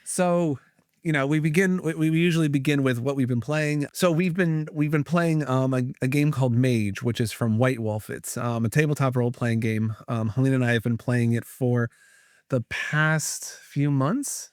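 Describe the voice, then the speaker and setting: A man's voice: mid-range voice, fairly even intonation, normal speed, clean tone, no echo, clean studio sound. A man hosting a casual podcast about tabletop gaming, rambling and restarting his sentences with many fillers. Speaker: podcast host, priest.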